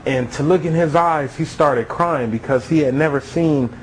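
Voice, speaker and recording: A man's voice: fairly high pitch, normal speed, a little hiss or hum, low-quality recording. Man giving a dramatic spoken testimony.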